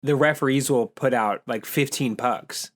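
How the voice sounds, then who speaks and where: A man's voice: mid-range voice, normal speed. Playful man tossing in joking asides. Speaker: podcast co-host. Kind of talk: casual chat.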